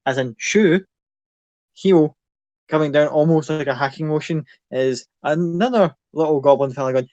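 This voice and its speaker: A man's voice: on the high side, moderate pace, darkish tone, no echo. A man narrating as game master in a casual, rambling way.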